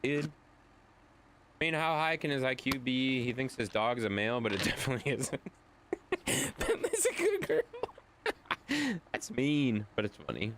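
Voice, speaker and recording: A man's voice: mid-range voice, normal speed, noisy background. A man streaming live, chatting casually and rambling as he answers viewers' chat.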